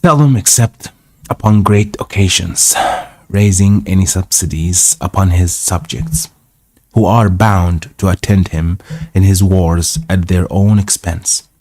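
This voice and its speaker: A man's voice: low voice, unhurried, a little mellow, no room sound, clean studio sound. A man whose first language is Arabic hosts a live English reading stream, reading a classic novel aloud. He reads carefully, repeating phrases and sounding out difficult words.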